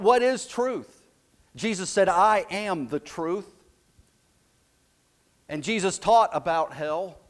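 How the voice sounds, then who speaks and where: A pastor preaches a sermon slowly and emphatically, dropping his voice to a low, soft hush for the key lines.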